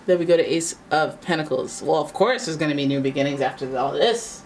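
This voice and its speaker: A chatty woman reads tarot cards in a casual, playful way, reacting out loud to each one. Her voice sits on the low side. She sounds a little away from the mic, with faint noise in the background. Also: brisk, few pauses, far from the mic, low-quality recording. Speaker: tarot reader.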